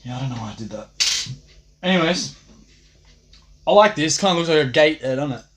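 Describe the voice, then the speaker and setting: A man's voice: a little high, lively intonation, a little fast, a bit bright. Swaggering profane man, raised voice. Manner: profane, swaggering, laughs at own jokes. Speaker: livestreamer. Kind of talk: rambling livestream monologue.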